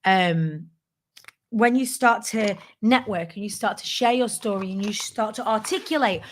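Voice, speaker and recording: A woman's voice: mid-range voice, measured pace, slight background noise. A woman hosting a business tips show, giving a casual motivational talk to her viewers in a candid, playful way with some swearing.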